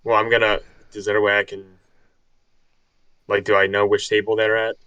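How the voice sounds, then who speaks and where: A man at a tabletop game talks in a bright, forceful voice. He chats eagerly as he plots his moves. The sound is dry and close. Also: fairly low pitch, monotone, normal speed, smooth, no echo, dull audio. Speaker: player. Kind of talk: casual tabletop play.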